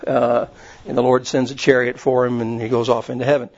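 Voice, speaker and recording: A man's voice: medium pitch, level tone, brisk. A man preaching a casual, rambling sermon, retelling stories with many fillers. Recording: muffled lo-fi recording.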